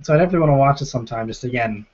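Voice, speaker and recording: Young male streamer, hoarse and sore-throated, chatty Q&A host, dull lo-fi stream audio. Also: medium pitch, rapid-fire, a little mellow. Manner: chatty, reads viewer comments aloud and answers them. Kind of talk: casual live-stream Q&A.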